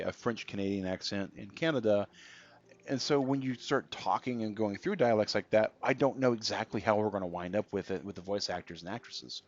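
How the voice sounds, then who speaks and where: Male streamer, low-pitched, easygoing chat over gameplay; dull stream audio. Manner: chatty, reads out viewer comments. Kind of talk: casual gameplay commentary.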